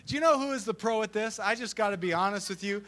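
A man preaching an energetic sermon as pastor, joking and acting out little voices as he goes. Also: high voice, fast talker. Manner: animated and joking, acts out voices.

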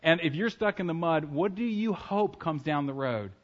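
A man preaching a sermon in church, talking casually and joking with the congregation, now and then breaking into loud acted shouts. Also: on the high side, lively intonation, moderate pace, highs cut off, a little hiss or hum. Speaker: pastor. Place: church sanctuary.

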